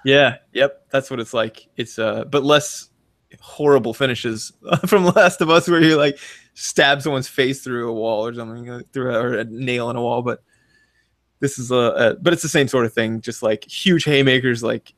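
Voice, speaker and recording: A man in his thirties co-hosting a casual podcast, animated and telling stories with acted-out quotes. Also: mid-range voice, normal speed, no room sound, studio quality. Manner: animated storyteller, acts out quotes in big voices. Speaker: podcast co-host. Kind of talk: casual chat.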